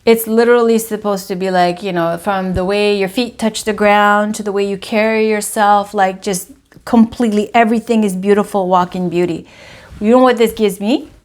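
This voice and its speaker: A woman's voice: mid-range voice, steady tone, moderate pace. A woman giving a casual tarot reading to camera, talking emphatically and repeating herself with lots of "you know" and "like". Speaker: tarot reader.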